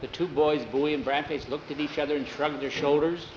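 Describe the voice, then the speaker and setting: Male storyteller, relaxed oral telling, somewhat high pitch, leads into dialogue with "he said.". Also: brisk, echoey room, muffled recording, slight background noise. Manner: relaxed, repeats "he said" before each line of dialogue. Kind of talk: oral storytelling with many voices.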